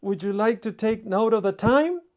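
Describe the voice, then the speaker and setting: A man's voice: sits high, lively intonation, moderate pace, pitched above the performer's own voice. A man voicing a pious young woman who invites people door to door, polite and earnest.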